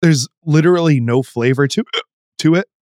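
A man's voice: fairly high pitch, normal speed, dry recording, studio quality. A man co-hosting a podcast, chatting casually and exclaiming a lot as he tries a hot chip. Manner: excitable, exclaiming. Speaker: podcast co-host.

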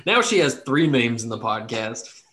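Joking game master, relaxed. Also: male voice, medium pitch, normal speed. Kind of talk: narrating a tabletop game.

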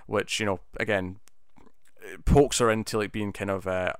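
A man's voice: fairly low pitch, steady tone, moderate pace, smooth, dry recording, clean studio sound. A man casually talking through a TV episode, rambling with many restarts and fillers. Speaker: TV episode reviewer. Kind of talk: casual spoken review.

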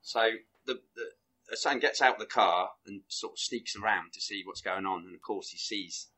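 A man in casual chat, rambling excitedly through a film plot with bursts of laughter. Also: on the low side, moderate pace. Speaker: film reviewer guest.

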